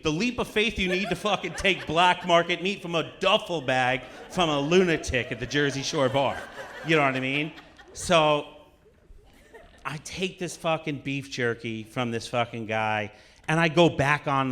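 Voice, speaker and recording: A man's voice: a little high, sharp tone. Profane, rambling male storyteller on stage. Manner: rambling, profane, laughing comic anecdote. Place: on stage at a cultural center.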